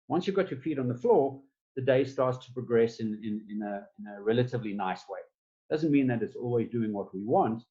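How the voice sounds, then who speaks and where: A man with a warm, medium-pitched voice gives a conversational webinar presentation on stress management, frequently repeating words as he thinks. He's on a computer mic over a video call, so the sound is lo-fi.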